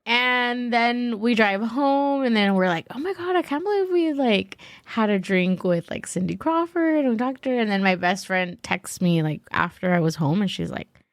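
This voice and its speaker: A woman's voice: a little slow, no echo. A woman guest on a podcast, telling a story in casual chat, full of fillers and acted-out quotes. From Los Angeles. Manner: animated, acts out quotes in a higher voice, many "like" fillers.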